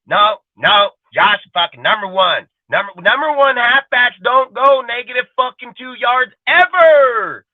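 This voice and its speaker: With a very high voice and few pauses, a man hosting a sports talk show rants at a moderate pace, profane and exasperated, in a heated casual tirade. The dry recording has a tinny, phone-like quality.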